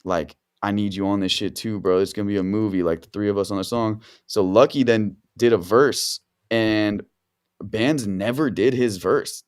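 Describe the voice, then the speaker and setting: Man, producer guest, lowish voice, laid-back, rambling, slangy podcast chat. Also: normal speed, smooth. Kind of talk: casual podcast storytelling.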